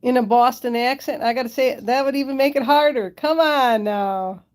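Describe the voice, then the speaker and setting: A woman's voice: on the high side, moderate pace, darkish tone. A woman chatting casually on a live stream from home, giggling often and talking to her pets and viewers, into a handheld phone held close. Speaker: pet owner hosting a live stream. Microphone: handheld phone camera held close.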